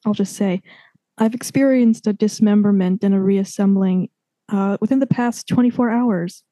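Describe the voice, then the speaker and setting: A woman's voice: mid-range voice, moderate pace, mellow, no room sound. A woman co-hosting a podcast, chatting casually and playfully, hesitating with fillers like "um" and "like". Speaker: podcast co-host. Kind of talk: casual conversation.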